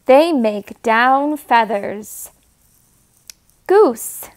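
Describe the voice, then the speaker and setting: A woman reading picture books aloud to toddlers in a slow, sing-song way, making animal sounds and asking them to point. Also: a little high, lively intonation. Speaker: storyteller.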